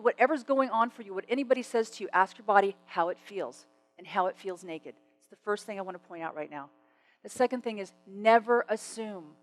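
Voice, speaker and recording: A woman's voice: mid-range voice, dry recording, rough recording. A middle-aged woman giving a motivational stage talk, telling stories animatedly and acting out the dialogue. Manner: animated storytelling, acts out dialogue. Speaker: speaker. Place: stage before an audience.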